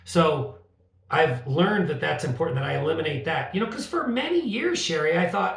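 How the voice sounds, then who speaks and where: A middle-aged man with a gravelly, fairly high voice talks with animated, sarcastic humor. He sits a little back from the mic, and the room gives his voice a roomy echo. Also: normal speed, far from the mic. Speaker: podcast co-host. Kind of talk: casual conversation.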